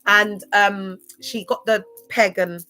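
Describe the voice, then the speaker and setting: A woman's voice: mid-range voice, steady tone, takes it slowly, pushed and bright, soft background music. A young woman chatting casually to viewers on a livestream, laughing often. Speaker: livestream host.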